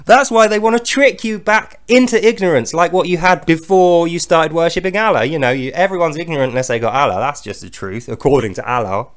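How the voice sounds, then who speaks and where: A man's voice: a little high, fairly bright tone. A man hosting a video, delivering a sarcastic, scornful commentary monologue with frequent chuckles. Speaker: video host.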